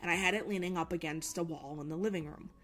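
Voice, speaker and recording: A woman's voice: fairly low pitch, fairly even intonation, fast, a bit bright, a little hiss or hum. A young woman streaming from her desk at home, telling a story in a rambling, casual way and swearing freely.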